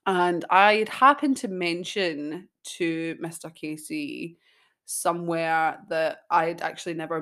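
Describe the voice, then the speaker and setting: A woman's voice: low voice, a bit bright. A woman, chatting casually as a podcast host and telling stories with frequent giggles. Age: 20s.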